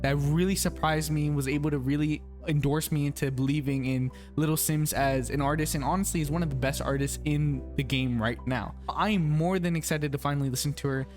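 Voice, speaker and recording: Hyped guy reacting to an album, kinda high voice, exclaims a lot, music faint behind. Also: brisk. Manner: excitable, exclaims and swears often; rambling with many fillers and restarts. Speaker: music reviewer. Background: the album playing faintly behind him.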